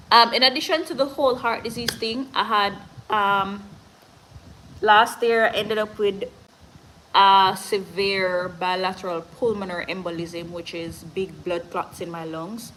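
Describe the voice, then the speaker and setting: Jamaican woman, live-stream host, earnest and motivational, slips into patois, breathless, mid-pitched voice. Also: fairly even intonation, a little slow, pushed and bright, slight background noise, rough recording. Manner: earnest and motivational, switching between patois and standard English. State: short of breath. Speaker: livestream host reading viewer comments. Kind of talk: casual live-stream chat.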